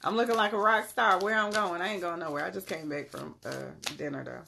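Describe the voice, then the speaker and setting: A woman's voice: lowish voice, a little fast, creaky, sharp tone, slight background noise. A woman giving a casual tarot reading on a live stream, laid-back and slangy, calling her viewers "beloved".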